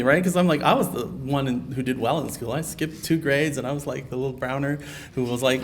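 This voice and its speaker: A man's voice: mid-range voice, a little fast, a little hiss or hum. A man from Canada giving a keynote talk at a conference, earnest and personal, telling stories with many fillers. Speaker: keynote speaker. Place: conference hall.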